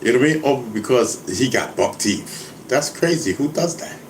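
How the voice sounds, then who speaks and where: Laid-back rapper dude rambling and laughing, roomy echo, faint hum behind. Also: male voice, medium pitch, expressive, normal speed. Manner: laid-back, laughing, keeps saying "you know what I mean". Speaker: rapper and vlogger. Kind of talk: casual rambling monologue.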